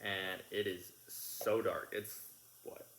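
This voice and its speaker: A young man casually telling a family story with his wife, animated in the lively parts. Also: deep voice, slow pace, gravelly. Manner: animated, shouting in re-enacted bits. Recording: echoey room with noise.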